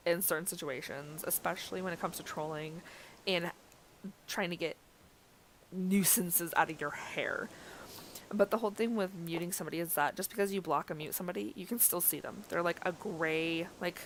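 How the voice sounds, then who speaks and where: A woman's voice: lowish voice, moderate pace, fairly bright tone, slight background noise. A young woman vlogger telling a story in a casual, chatty way, full of fillers and small laughs.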